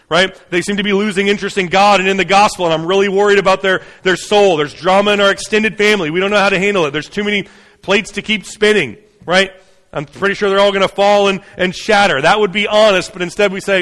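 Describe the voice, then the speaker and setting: A man's voice: high-pitched, fairly even intonation, in a large hall. Man preaching a conversational sermon. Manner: conversational preaching, frequent "right?" and "you know" asides; builds to fast, urgent runs, then drops soft and slow. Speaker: pastor.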